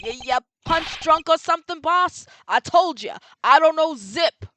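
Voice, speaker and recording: A woman's voice: extremely high pitch, expressive, a little slow, sharp tone, a little hiss or hum, pitched above the performer's own voice, heavily acted. A woman voicing a tough male boxer in prison who talks in street slang and keeps denying everything. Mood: defiant. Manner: streetwise slangy mumbling denials.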